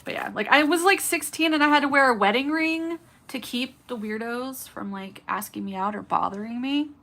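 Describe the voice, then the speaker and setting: On a nail-art livestream, a woman in her thirties chats casually with viewers while doing nails, smiling as she goes. Her voice is on the high side, bright and forceful, at a moderate pace, with a California accent and a faint Southern touch.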